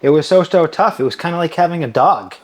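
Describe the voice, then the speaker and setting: A man's voice: fairly high pitch, lively intonation, fast talker. A man in his late twenties hosting a podcast in casual chat, laid-back and calling his guest bro and buddy. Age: 20s. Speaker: podcast host.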